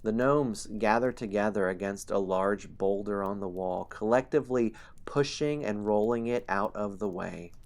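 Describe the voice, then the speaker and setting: A man's voice: on the low side, moderate pace, hardly any pauses. A man streaming a dice game, chatting casually with viewers, reading out story passages and chuckling often. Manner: relaxed, chuckles often between lines.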